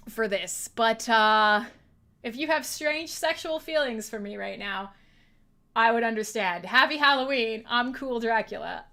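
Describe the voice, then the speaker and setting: A woman's voice: on the high side, measured pace, sharp tone. A woman hosting a casual livestream, chatty and playful, laughing often. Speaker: livestream host.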